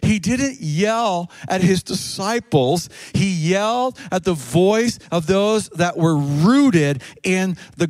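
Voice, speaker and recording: Preaching man with a high, dry voice. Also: no room sound. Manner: preaching with sudden shouted rises and drawn-out slow phrases. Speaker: pastor. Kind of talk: sermon.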